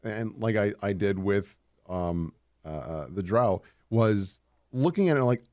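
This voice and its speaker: A man's voice: on the low side, expressive, measured pace, darkish tone, dry recording, studio quality. A man co-hosting a casual podcast, talking enthusiastically and rambling with many fillers. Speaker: podcast co-host. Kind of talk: casual chat.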